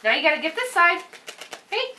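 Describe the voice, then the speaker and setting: A woman's voice: very high voice, big pitch swings, fairly quick, bright, forceful tone, slight background noise. A woman talking to her dog in a coaxing, sing-song way while filming a home video indoors. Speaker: dog owner.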